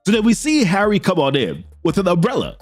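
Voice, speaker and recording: A man casually recapping a comic book story, slangy and animated, reading out each character's lines. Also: high-pitched, fairly quick, faint music behind.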